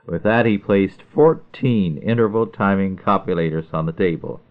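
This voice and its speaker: Deep-voiced man narrating a story. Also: normal speed, few pauses. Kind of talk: reading a humorous family story aloud. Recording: narrow phone-like sound.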